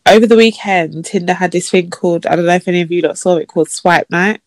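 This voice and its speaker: A woman's voice: fast talker, no echo. Chatty woman, dry close mic. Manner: chatty and storytelling, acts out messages in a mocking high voice. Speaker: podcast co-host. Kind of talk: casual chat.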